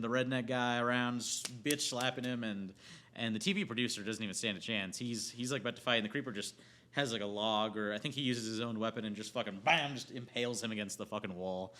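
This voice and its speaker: A young man giving a casual, profane movie rant, rambling with lots of filler words and restarts as he retells the plot. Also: lowish voice. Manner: animated plot retelling with acted quotes. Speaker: movie reviewer.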